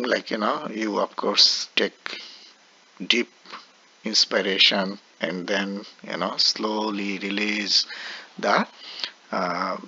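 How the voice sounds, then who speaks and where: Slow, gravelly male lecturer, lo-fi. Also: fairly low pitch, pushed and bright. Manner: explanatory, frequent "uh" and "right?" checks. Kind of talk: lecture on speech production.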